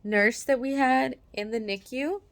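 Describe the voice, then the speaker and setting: A woman's voice: sits high, measured pace, fairly bright tone. A woman, a mother, casually telling a personal story to the camera. She talks in a chatty way, full of "like" fillers, and often acts out the voices of the people she quotes.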